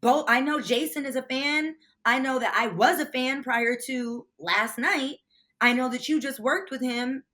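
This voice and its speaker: A woman's voice: sits high, a little slow. A woman guest in an interview, animatedly retelling a tense phone call in casual, profane talk. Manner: animated storyteller, swears freely.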